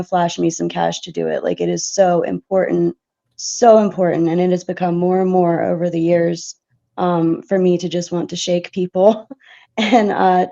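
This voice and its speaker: A woman's voice: fairly low pitch, gravelly, mellow, highs cut off. A woman being interviewed on a podcast, talking earnestly while losing her voice. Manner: earnest, heartfelt, frequent laughs and fillers. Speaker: guest, shop owner. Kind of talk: casual interview chat.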